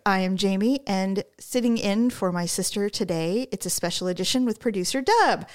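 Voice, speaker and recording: A woman hosting a podcast in casual chat, ranting in a sarcastic, animated way from a studio mic. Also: mid-range voice, normal speed. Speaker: podcast host.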